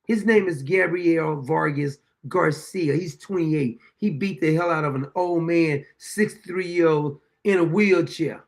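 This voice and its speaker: A man hosts his own show and reacts to a courtroom video with indignant, profane commentary. He rambles and restarts, his voice high-pitched and gravelly throughout. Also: measured pace, few pauses. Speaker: show host.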